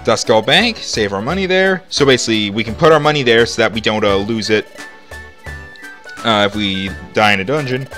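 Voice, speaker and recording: A man's voice: lowish voice, brisk, fairly bright tone, soft background music. A man giving casual, rambling commentary while playing a video game. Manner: rambling, chatty, lots of "like" fillers. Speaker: let's play host.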